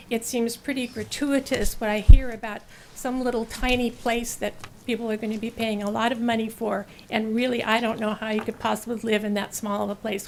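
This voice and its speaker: Female public commenter, hesitant and heartfelt, gravelly voice, faint room noise. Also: a little high, poor audio. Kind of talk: public comment at a council meeting. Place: city council chamber.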